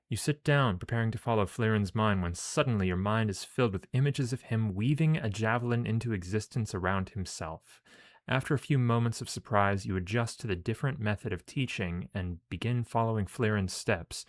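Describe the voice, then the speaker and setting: A man with a fairly low voice plays through a space game, reading its story passages aloud. Between passages he mutters casual asides, often quietly. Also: normal speed. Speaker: game streamer. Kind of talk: let's play, reading game text aloud.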